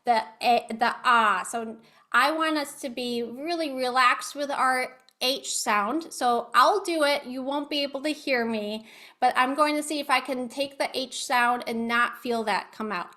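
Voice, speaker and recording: A woman's voice: sits high, unhurried, pushed and bright. A woman speech-language pathologist giving an online educational presentation over a video call. She patiently coaches listeners through voice exercises.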